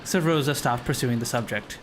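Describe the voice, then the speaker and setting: A man streamer reading a visual novel aloud in an even, measured voice. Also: mid-range voice, slight background noise. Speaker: streamer and narrator.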